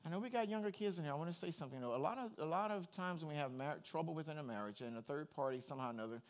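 A male preacher delivers a sermon in a high voice. His pitch leaps and falls as he talks straight to the congregation, animated and engaging. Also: very fast. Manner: animated, addresses the congregation directly. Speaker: pastor.

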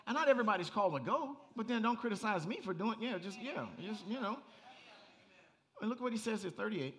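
A man preaching a sermon as pastor, animated and conversational, rising to near-shouts and breaking into laughing asides. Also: high voice, a little fast.

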